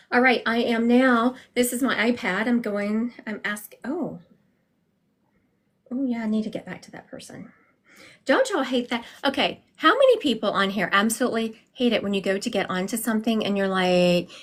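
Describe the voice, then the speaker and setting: A woman's voice: on the high side, fairly bright tone. A middle-aged woman who works as a psychic medium, rambling chattily on a livestream from her home through a phone she carries around.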